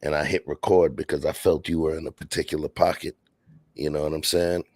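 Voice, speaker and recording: A man's voice: very deep voice, flat delivery, fairly quick, a little mellow, no room sound. A man hosting a casual late-night podcast, laid-back and slangy, talking from home. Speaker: podcast host. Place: home, near a patio door.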